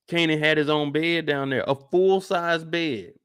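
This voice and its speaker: A man's voice: a little high, measured pace, fairly bright tone, clear, resonant tone. A man hosting a live after-show, recapping an episode in casual, slangy, emphatic talk. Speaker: show host.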